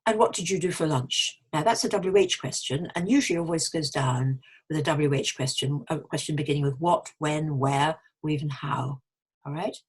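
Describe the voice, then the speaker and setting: A woman teaching English pronunciation, slowly demonstrating sounds by stretching vowels and describing lip and tongue shapes. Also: low voice, darkish tone, husky.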